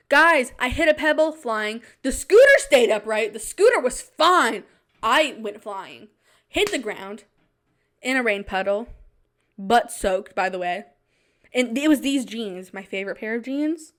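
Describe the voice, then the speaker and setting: A young woman hosting a podcast, telling a self-mocking story in a casual, animated way with quick asides. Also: on the high side. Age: young adult. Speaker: podcast host.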